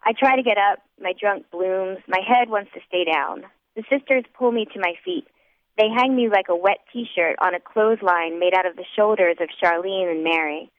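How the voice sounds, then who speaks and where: A woman tells a first-person story in a wry, measured audiobook reading. Her voice sits at an ordinary pitch. The recording is dry and tinny, like a phone line. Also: dry recording. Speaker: audiobook narrator.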